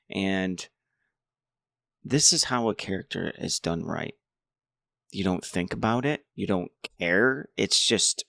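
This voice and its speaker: Slow, deep-voiced man reviewing a movie. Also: creaky, a bit bright, no echo, studio quality. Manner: rambling, many restarts. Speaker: movie commentator.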